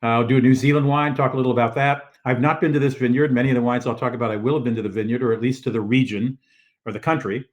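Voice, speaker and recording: A man's voice: medium pitch, fairly even intonation, fast talker. Rambling older male show host. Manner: rambling, many fillers and restarts. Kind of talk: casual live-stream talk. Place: living room at home. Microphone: video call setup.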